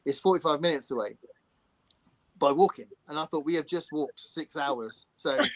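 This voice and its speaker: A man with an English accent hosting a casual video-call chat, telling lively stories and chuckling as he goes. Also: fairly high pitch, moderate pace, no echo. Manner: animated storyteller, chuckles often.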